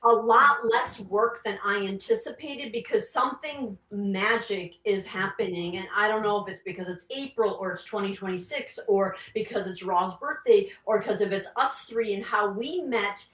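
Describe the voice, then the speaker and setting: A woman guest in a casual interview, animated and laughing as she talks. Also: mid-range voice, moderate pace, hardly any pauses, roomy sound, distant mic, rough recording. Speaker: interview guest, clinical psychologist.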